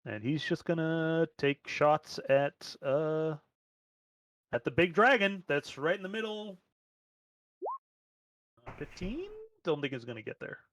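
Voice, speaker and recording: A man's voice: a little high, expressive, slow, long pauses, fairly bright tone. A man running a tabletop game as game master, making plain rules calls with a few fillers.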